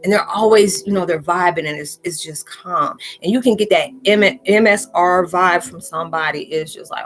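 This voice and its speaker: A woman's voice: fairly low pitch, normal speed, hardly any pauses. A spiritual vlogger talking casually and loosely to her viewers, repeating "you know" as she goes. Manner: chatty, loose, talks straight out with lots of "you know".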